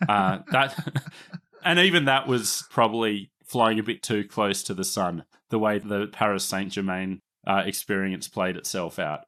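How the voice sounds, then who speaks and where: A man's voice: lowish voice, unhurried, bright, forceful tone. A man with an Australian accent hosting a history podcast, explaining at length in a chatty way and laughing easily. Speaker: podcast host. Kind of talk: casual history podcast narration.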